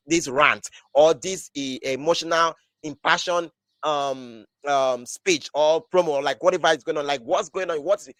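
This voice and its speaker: A man's voice: on the high side, a bit bright, dry recording. A young man hosting a live wrestling podcast, rambling in casual chat and leaning on "like" as he restarts his thoughts. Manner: rambling, restarts often, says "like" a lot. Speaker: podcast host.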